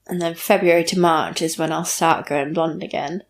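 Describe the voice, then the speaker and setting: A woman's voice: deep voice, steady tone, normal speed. A young woman on a podcast as a guest, chatting frankly and making fun of herself. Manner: frank, self-mocking, laughs often. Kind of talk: casual chat.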